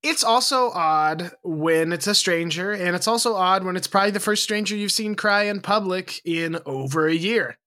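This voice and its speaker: Bright-voiced man reacting in chat. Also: high voice, moderate pace, hardly any pauses. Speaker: podcast co-host. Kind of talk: casual chat.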